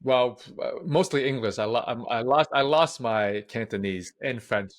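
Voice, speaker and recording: Male speaking coach as podcast guest: mid-pitched, plain-spoken and direct. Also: normal speed. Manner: frank, direct, matter-of-fact. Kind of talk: casual interview chat.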